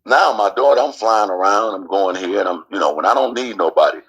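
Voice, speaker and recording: A man telling a personal family story as a guest, lively and acting out the quotes. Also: lowish voice, a little fast, husky, low-quality recording.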